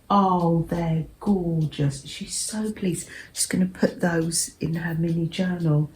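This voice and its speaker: An older English woman hosting a cozy craft vlog, talking in a gentle, rambling way that often drops to a soft murmur. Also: fairly low pitch, steady tone, slow pace, hardly any pauses, slight background noise. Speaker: craft vlogger.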